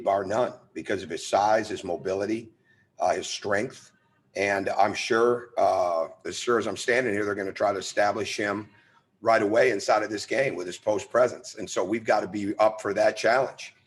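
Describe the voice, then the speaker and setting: A man's voice: lowish voice, moderate pace. A middle-aged man, a head coach, answering press questions on a video call in an earnest, emphatic way, restarting phrases as he goes. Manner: earnest, emphatic, repeats words when restarting.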